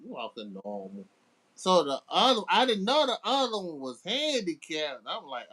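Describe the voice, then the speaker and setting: A man's voice: sits high, wildly swooping pitch, moderate pace, bright, forceful tone. A middle-aged man, a guest DJ, telling casual stories in a laid-back way, often restarting his sentences. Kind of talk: casual storytelling.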